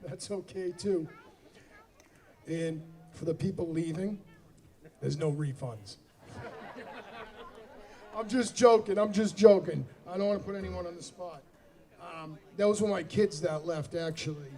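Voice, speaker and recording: His voice high and warm, a Boston-accented singer-songwriter in his 40s from the Boston area trades self-deprecating jokes with the audience between songs. He talks a little slowly, leaving long pauses, on an outdoor amphitheater stage. The recording is distant PA sound with music.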